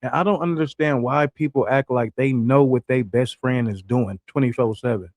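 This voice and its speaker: A man's voice: mid-range voice, moderate pace, darkish tone, dry recording. A young American man giving blunt, slangy livestream commentary and asking his viewers questions. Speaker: livestream reaction host.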